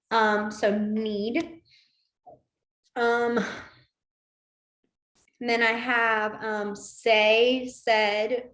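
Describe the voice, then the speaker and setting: A chatty woman with a fairly high voice teaches a beginners' class. She talks informally, full of fillers, and laughs often. The sound is echoey, as if from a bare room. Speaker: sign language teacher. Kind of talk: casual class instruction.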